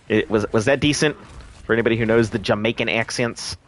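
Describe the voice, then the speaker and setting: Low-voiced male streamer, casual, mutters under his breath as he plays. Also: fast talker. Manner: mutters quietly to himself while playing. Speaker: game streamer. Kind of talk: casual gameplay chat.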